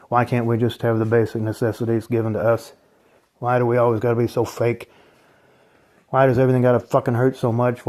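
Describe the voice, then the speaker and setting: A man's voice: medium pitch, a little mellow. A man hosting his own channel, ranting bitterly about life with lots of swearing and scornful laughs. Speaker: channel host. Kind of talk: angry ranting vlog.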